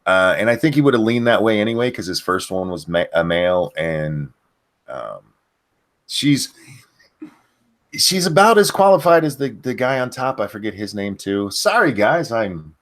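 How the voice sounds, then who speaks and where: A man hosting a podcast, reading out news and bantering in a laid-back, halting way with lots of fillers. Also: lowish voice, sing-song, a bit bright. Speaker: podcast host.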